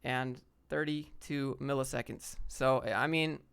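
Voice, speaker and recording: A man's voice: medium pitch, fairly even intonation, slow pace, creaky, fairly bright tone, smooth. Blunt, offhand young man streaming. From Atlanta, Georgia, US. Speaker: streamer answering chat questions. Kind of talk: casual livestream Q&A.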